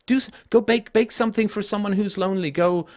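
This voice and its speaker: Telling personal stories with blunt, profane directness, a middle-aged call-in host talks fast. He shifts from a low, tired voice to a loud, emphatic one.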